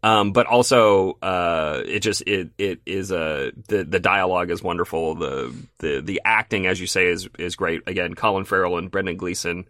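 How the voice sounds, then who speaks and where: A man's voice: deep voice, normal speed, hardly any pauses, a bit bright, no room sound, studio quality. A man co-hosting a podcast chat about films, talking in a wry, opinionated way with mock-solemn asides. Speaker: guest co-host.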